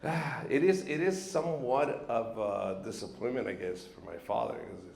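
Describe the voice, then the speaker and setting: Brief: gravelly man from Mexico, stand-up set, animated storytelling, roomy stage sound. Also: mid-range voice, normal speed, slight background noise. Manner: animated storytelling, acts out characters, laughs between bits. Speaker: comedian. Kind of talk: stand-up comedy. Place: stage at a live venue. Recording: roomy live venue sound.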